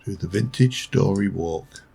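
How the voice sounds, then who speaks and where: A man's voice: low voice, a little slow, gravelly, dark tone, husky, soft background music. A middle-aged man giving rambling, musing let's play commentary with dry asides. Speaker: gameplay commentator.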